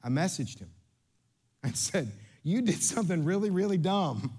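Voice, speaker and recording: A pastor, a man whose voice sits notably high, preaches with lively, playful energy. He jokes, repeats himself to make a point, and speaks straight to the congregation. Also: normal speed, husky. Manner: animated, playful, coaching volunteers on stage. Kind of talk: sermon.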